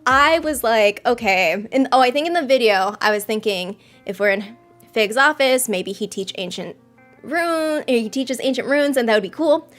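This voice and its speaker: A young woman hosting a casual livestream chat, excitable and quick to burst into squeals and laughter. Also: on the high side, soft background music. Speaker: livestream host.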